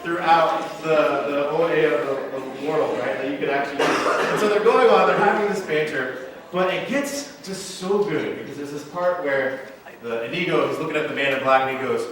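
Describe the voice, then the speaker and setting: A Midwestern American man in his thirties, a pastor preaching a sermon and retelling a movie scene with lively, animated storytelling. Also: on the high side, moderate pace, a crowd in the background. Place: church sanctuary. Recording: echoey church sanctuary, mic at a distance.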